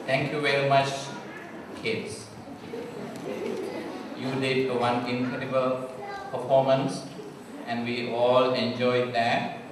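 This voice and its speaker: A man's voice: mid-range voice, monotone. A man hosting a temple celebration, introducing acts and explaining them with some fillers. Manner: warm, explanatory, slightly halting with fillers. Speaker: event host. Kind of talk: emcee announcing acts. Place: large hall at a temple celebration. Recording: echoey hall from far off, noisy.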